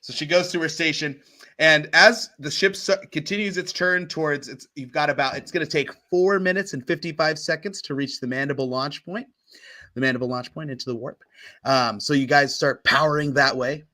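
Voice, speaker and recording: A man's voice: a little high, fairly quick, bright, forceful tone. A man narrating as game master of a tabletop role-playing game, playful and chatty.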